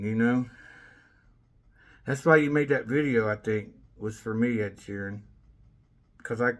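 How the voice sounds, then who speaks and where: A male vlogger delivers a loose, rambling monologue, swearing freely and bursting into laughter. He restarts often and swings from loud excitement to low mumbling.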